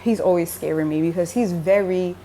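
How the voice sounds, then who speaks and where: A woman's voice: fairly low pitch, a little fast, dark tone, a little hiss or hum. A young woman telling a religious dream in a casual, emotional way, with many fillers like "like" and "um". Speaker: religious vlogger. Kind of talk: casual spoken dream testimony.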